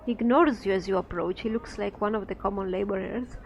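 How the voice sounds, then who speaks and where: A woman's voice: mid-range voice, brisk, creaky, slight background noise. A woman playing through a game, reading its text aloud and adding chatty, giggly comments. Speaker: game streamer.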